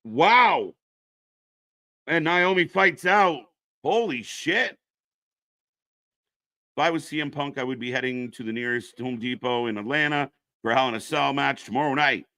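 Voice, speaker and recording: A man hosts a casual live stream, calling wrestling action and answering viewers from chat. His voice is bright and forward, recorded close and dry at a desk microphone with no room sound. His delivery is chatty and reactive. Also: mid-range voice, normal speed, pauses often, no echo. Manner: chatty, reads chat names aloud, reacts to the match. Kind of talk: casual live alternative commentary.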